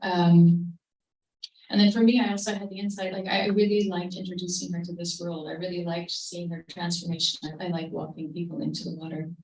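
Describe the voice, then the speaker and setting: A woman with a lowish, fairly level voice tells a gentle, reflective story to a live audience at a creative talk. Her voice carries the echo of a roomy hall and sounds a little distant from the microphone, as a livestream of the event would capture it. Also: level tone, fairly quick.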